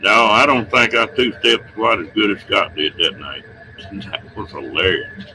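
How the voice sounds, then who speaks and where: A man's voice: on the low side, steady tone, a little slow, bright, forceful tone, slight background noise, rough recording. A man hosting a livestream, chatting casually with viewers in a folksy, chuckling way. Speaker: livestream host.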